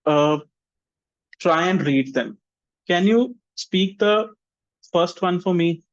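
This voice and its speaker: A man teaches an online English vocabulary class, sounding out example sentences slowly so students can copy his intonation. His voice sits a little high for a man. The sound is dry and a bit dull. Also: dry recording. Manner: slow, deliberate modeling of intonation.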